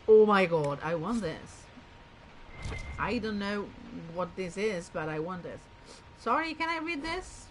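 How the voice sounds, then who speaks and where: Slow-talking woman commenting on a game. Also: mid-range voice, expressive, a little hiss or hum, low-quality recording. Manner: chatty, enthusiastic, reads in-game text aloud. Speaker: let's play host. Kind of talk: gameplay commentary.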